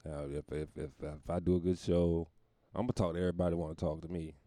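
A man's voice: low voice, flat delivery, quick pace, mellow, dry recording. A male comedian delivering a profane, rambling casual podcast monologue.

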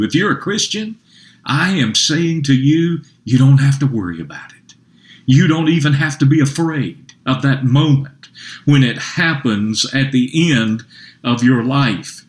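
A man pastor preaching a sermon, earnest, with rising emphasis and slowed key phrases. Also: mid-range voice, animated. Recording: roomy echo.

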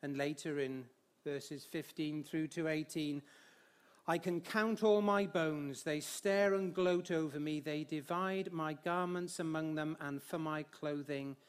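A man preaching a sermon, reading scripture aloud and building to emphatic, expressive phrases. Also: on the high side, unhurried, clear, resonant tone. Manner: light humor with the congregation, sings hymn lines.

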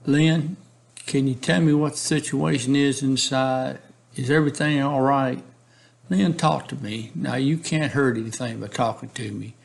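A persistent male police negotiator, read out by a man, keeps pressing in a gravelly voice with a steady, repetitive rhythm. He coaxes and pleads plainly rather than dramatically, like someone working through a transcript. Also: medium pitch, unhurried. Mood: coaxing. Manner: steady, repetitive coaxing reading. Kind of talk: reading a case transcript aloud.

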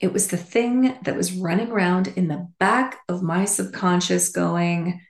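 A woman podcast host telling a personal story in a candid, animated way with casual asides. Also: fairly low pitch, measured pace, creaky, reverberant.

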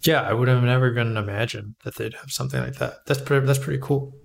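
A man's voice: mid-range voice, steady tone, quick pace, gravelly. A man co-hosting a casual podcast chat, mostly agreeing with short remarks. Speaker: podcast co-host.

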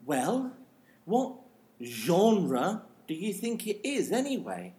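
A nervous newcomer actress, played by a woman in a comedic audio play. She keeps asking puzzled questions, slowly, with her voice rising and falling widely. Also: on the low side, sing-song, warm tone.

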